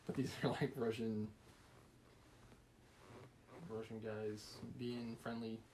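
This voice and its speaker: A man's voice: fairly low pitch, little pitch movement, takes it slowly, warm tone, a little hiss or hum, low-quality recording. A man hosting a live stream, reading a classic novel aloud in a casual way with joking asides and small slips. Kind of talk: casual read-aloud with commentary.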